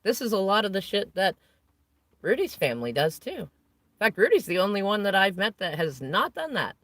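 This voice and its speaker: A woman's voice: mid-range voice, very animated, moderate pace, a bit bright, no room sound. A woman vlogger sitting in a parked van, venting about a family conflict in a long, rambling, unscripted rant.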